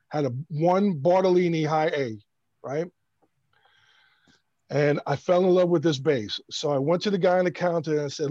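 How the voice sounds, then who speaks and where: A man from Brooklyn, New York, tells a casual story with lively energy, stumbling over and restarting his words. His voice sits a little high for a man. The sound is dull and dry. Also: dry recording. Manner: animated, stammering restarts. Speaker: bass player guest.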